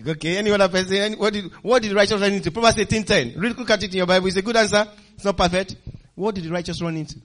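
Male pastor, high voice, emphatic sermon delivery with congregation call-and-response. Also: racing, few pauses. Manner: laughs often, swings loud and soft.

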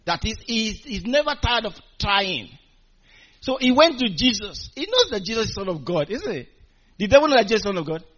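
A man preaching a sermon, animated and calling out to his congregation, chuckling between points. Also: sits high, a little fast. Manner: animated, call-and-response with congregation. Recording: dull lo-fi recording.

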